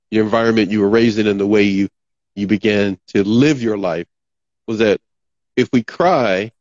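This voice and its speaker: A man's voice: lowish voice, darkish tone, no room sound, highs cut off. A man hosting an interview podcast, probing his guest and summing up what he hears. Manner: probing, restates and sums up the guest's words. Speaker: podcast host. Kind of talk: interview conversation.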